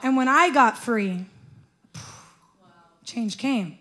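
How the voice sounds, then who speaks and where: A preacher with a high voice gives a sermon in church, telling her story with lively emotion. She frequently breaks into laughter and draws out her words.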